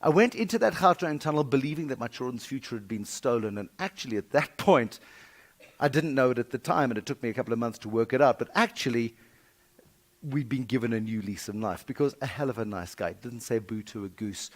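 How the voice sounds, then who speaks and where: A man's voice: medium pitch, lively intonation, brisk. A middle-aged South African man giving a humorous keynote, telling stories with wry, dramatic swings in volume. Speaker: keynote speaker. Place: conference breakfast venue.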